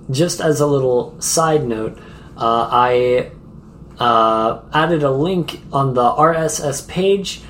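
A man's voice: mid-range voice, a little hiss or hum. Giggly rambling man co-hosting a podcast. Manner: rambling, giggly, lots of fillers. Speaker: podcast co-host. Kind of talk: casual travel podcast chat.

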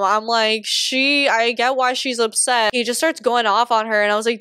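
Young woman rambling thru a story, kinda high voice, dry close sound, tons of likes and laughs. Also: steady tone, normal speed, bright, forceful tone, clean tone, no room sound. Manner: rambling storyteller, heavy filler words, laughs while telling. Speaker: podcast co-host. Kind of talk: casual chat.

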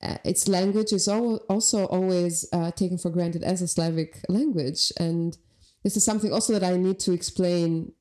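A woman's voice: fairly low pitch, steady tone, moderate pace, hardly any pauses, mellow. A woman from Albania, a podcast guest talking reflectively and thinking aloud. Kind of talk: conversational interview.

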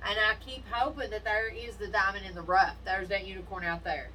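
A woman with a bright, forceful voice trades blunt, profane stories in a casual chat, telling them with plenty of animation. She sits some way off the mic, and a faint hiss runs under her voice. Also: medium pitch, fairly even intonation, a little fast. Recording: distant mic with faint noise.

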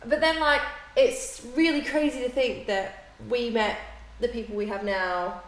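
A woman in her twenties with an Australian accent, co-hosting a podcast in blunt, sweary, animated casual chat. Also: on the high side, measured pace. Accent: Australian, picking up English turns. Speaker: podcast co-host. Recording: echoey room.

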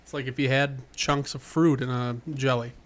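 A man's voice: mid-range voice, little pitch movement, normal speed. Brief: male co-host, casual and joking, light background noise. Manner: joking, chatty. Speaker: podcast co-host. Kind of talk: casual chat while tasting food.

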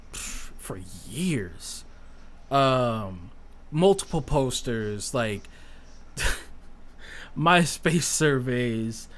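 Animated, bright-voiced man telling stories. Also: mid-range voice. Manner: animated storyteller, swears freely, self-deprecating. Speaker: podcast guest. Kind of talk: casual chat.

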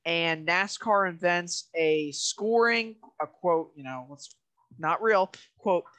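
A man's voice: high voice, takes it slowly, pushed and bright. A man co-hosting a podcast in casual chat, rambling and leaning heavily on "you know" fillers. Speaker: podcast co-host.

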